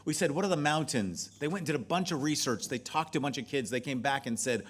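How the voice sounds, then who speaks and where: A middle-aged man, a pastor and leadership speaker, giving a seminar talk with lively storytelling and occasional drops to a soft, near-whispered delivery. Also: fairly high pitch, fast talker, slightly rough. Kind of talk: seminar talk with acted-out stories.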